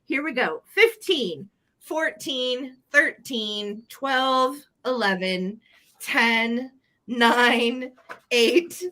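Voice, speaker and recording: A woman's voice: on the high side, extremely slow, pushed and bright. A woman hosting a casual vintage live sale, giggling as she reads a children's book aloud. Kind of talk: casual live-stream selling chat.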